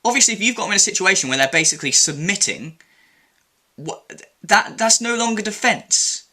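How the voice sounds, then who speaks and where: A man's voice: high voice, pushed and bright. A young man ranting angrily in an opinion vlog, indignant, sweary and sarcastic. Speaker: commentary vlogger. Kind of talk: angry opinion rant.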